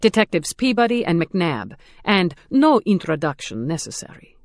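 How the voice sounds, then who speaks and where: A woman's voice: on the low side, sing-song, moderate pace, no room sound, studio quality. A woman voicing a tough, guarded female police lieutenant who speaks in curt, clipped lines.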